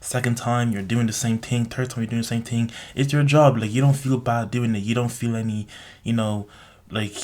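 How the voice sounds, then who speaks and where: A man's voice: mid-range voice, steady tone, moderate pace, a little mellow. A young man giving a blunt, rambling opinion monologue in a casual vlog, constantly saying "like" and tagging on "okay?". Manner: rambling, heavy use of "like" and tag "okay?"; blunt, lecturing. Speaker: vlogger.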